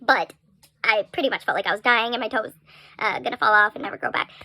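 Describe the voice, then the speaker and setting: Bright, high-voiced chatty young woman. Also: fast talker, slight background noise. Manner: chatty, animated, frequent "like" and laughs. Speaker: storyteller. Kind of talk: casual storytime vlog.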